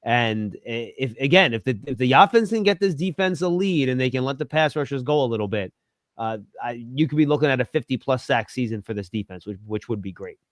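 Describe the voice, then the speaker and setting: A man appearing as a guest football analyst, answering in a measured, analytical way. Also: medium pitch, expressive, dry recording, studio quality. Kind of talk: interview answers.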